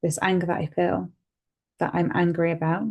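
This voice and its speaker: A woman guiding a tapping session, speaking calmly and gently and repeating phrases for the listener to say back. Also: fairly low pitch, moderate pace, slightly rough, highs cut off. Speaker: EFT tapping guide.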